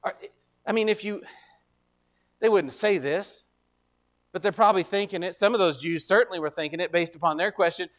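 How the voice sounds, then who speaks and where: A man with a notably high voice delivers a sermon in a conversational, plain-spoken way. He retells scripture in everyday language, restarting his phrases often, and slows down to read verses in old biblical wording. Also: fairly bright tone. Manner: reads verses aloud in old biblical wording, slow and deliberate. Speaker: pastor.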